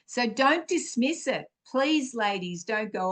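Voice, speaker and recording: A woman speaks slowly and earnestly, teaching on spiritual growth as a podcast host. Her voice sits a little high, and she encourages her listeners warmly, often pausing on fillers and restarting her sentences. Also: expressive.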